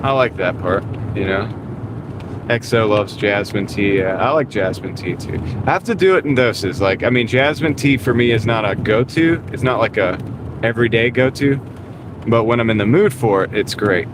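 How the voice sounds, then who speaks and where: A man's voice: fairly low pitch, normal speed. Chatty man streaming from his car. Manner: rambling, chatty, reads out viewer comments. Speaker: delivery driver livestreaming. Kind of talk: casual live-stream chat while driving. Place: inside a car driving in the rain. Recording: steady road and car noise behind. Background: car and road noise.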